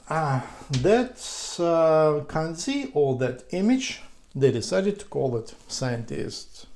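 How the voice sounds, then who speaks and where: Slow, dark-voiced man teaching. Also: fairly high pitch. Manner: hesitant, many fillers and restarts, patient. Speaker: language teacher. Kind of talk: slow explanatory lesson.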